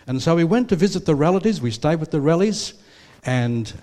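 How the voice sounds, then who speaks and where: Speaking fairly quickly in a fairly high, dark voice, an older man with an Australian accent delivers an animated sermon. He weaves in personal stories, and his rambling delivery is full of fillers and restarts.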